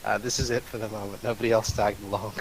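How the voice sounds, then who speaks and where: A man's voice: on the low side, level tone, quick pace, a little hiss or hum, poor audio. A man running a tabletop game as game master, narrating with frequent uh's, repeated words and dry, self-mocking asides.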